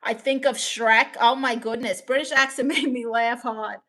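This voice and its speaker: A woman streamer chatting casually with her viewers, reading their comments out and teasing back. Her voice sits a touch high and sounds crisp and bright. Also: steady tone. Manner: playful, teasing, quick banter with chat. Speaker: live streamer.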